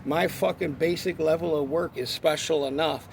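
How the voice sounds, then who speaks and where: A man's voice: a little high, steady tone, moderate pace, vocal fry, slight background noise. A man telling an angry, profane story about a run-in with a coworker, rambling and heated. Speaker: forklift worker.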